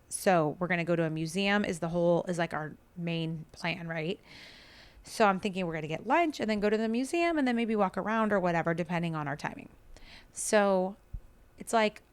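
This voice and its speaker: A woman in her thirties hosting a podcast, telling a family story in a chatty, exasperated way, full of "like.". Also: on the low side. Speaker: podcast host. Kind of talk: casual storytelling.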